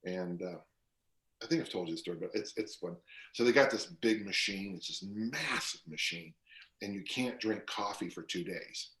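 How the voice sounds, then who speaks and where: A man in his sixties, speaking as a guest on a podcast. His voice sits very low, and he wanders through anecdotes with plenty of fillers and restarts. The recording carries a roomy echo. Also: moderate pace, a bit bright, a little hiss or hum. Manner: rambling storyteller with fillers and restarts. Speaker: guest strength coach. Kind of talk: casual podcast interview.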